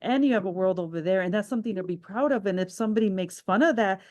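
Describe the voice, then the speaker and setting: A woman's voice: mid-range voice, quick pace, a little mellow. A woman hosting a podcast interview, talking in a reflective, rambling way with many restarts. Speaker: podcast host.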